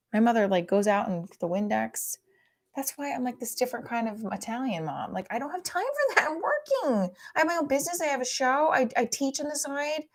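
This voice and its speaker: A woman in her forties doing casual stand-up as a comic, rambling and cutting herself off, with loud bursts when she acts out her family. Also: sits high. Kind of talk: casual stand-up trying new material.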